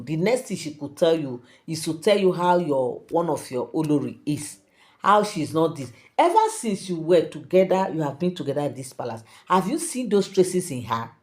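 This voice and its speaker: A woman's voice: deep voice, animated, moderate pace, darkish tone. A woman with a Nigerian accent hosting her channel, telling gossip and addressing her viewers directly. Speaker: channel host. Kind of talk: gossip storytelling.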